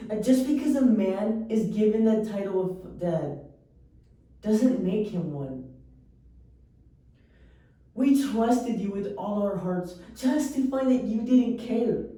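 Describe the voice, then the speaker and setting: A woman giving an earnest, emotional poetry recitation with slow pauses. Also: fairly high pitch, dark tone. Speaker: poetry reader. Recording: echoey room, voice far from mic.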